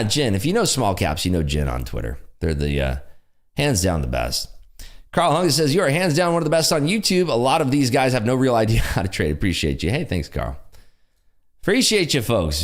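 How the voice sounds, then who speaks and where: Loud, lively man on a trading livestream. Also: mid-range voice, moderate pace. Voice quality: loud, projecting voice. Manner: lively, enthusiastic, frequent laughs. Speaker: day trading livestream host. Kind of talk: casual livestream chat reading viewer comments.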